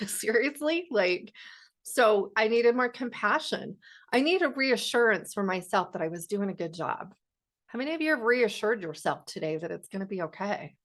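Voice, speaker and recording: A woman's voice: medium pitch, a bit bright. A woman self-help coach speaking in a casual livestream talk, candid and blunt, swearing freely.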